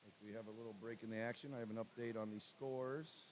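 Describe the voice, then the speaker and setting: A man announcing lane assignments and calling races as commentator for a swim meet livestream, with a steady list-reading cadence. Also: fairly low pitch, quick pace, slight background noise. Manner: reads lane lists in a steady cadence, banters with co-host.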